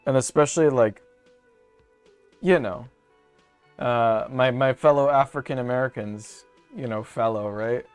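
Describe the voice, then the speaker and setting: A man's voice: medium pitch, unhurried, pauses often, clean tone, faint music behind. Rambling, profane man. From Canada. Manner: rambling, profane, jokey asides. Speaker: streamer. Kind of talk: casual gaming commentary.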